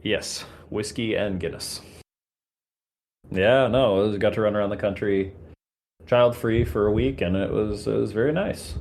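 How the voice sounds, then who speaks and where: A man's voice: fairly low pitch, normal speed, a little mellow. A man hosting a podcast with a casual, chatty manner, laughing often and joking at his own expense. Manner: laughs often, self-deprecating banter. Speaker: podcast host, physician.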